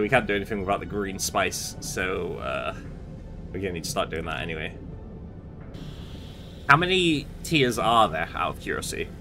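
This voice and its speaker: A man's voice: on the low side, bright, forceful tone. A young man streaming a game, chatting casually and a bit sleepily as he answers his chat in a rambling way. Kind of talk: casual live-stream chat while gaming.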